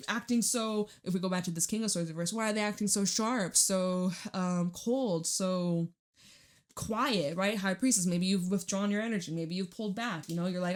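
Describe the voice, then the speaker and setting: A woman's voice: mid-range voice, normal speed. Chatty young woman reading tarot. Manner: chatty, rambling, laughs and swears freely. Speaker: tarot reader.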